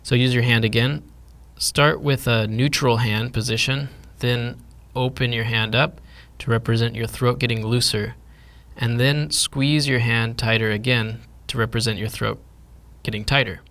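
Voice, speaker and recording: A man teaching a pronunciation lesson, speaking deliberately and demonstrating each sound with care. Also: medium pitch, steady tone, fairly bright tone. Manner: slow, deliberate, modelling sounds. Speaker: language teacher.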